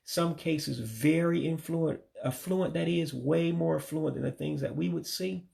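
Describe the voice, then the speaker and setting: A man teaching vocabulary from his studies, saying each word slowly and carefully and often correcting himself. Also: fairly high pitch, vocal fry, darkish tone. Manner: slow, careful word-by-word pronunciation with frequent self-corrections. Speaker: language learner teaching vocabulary. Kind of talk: informal vocabulary lesson.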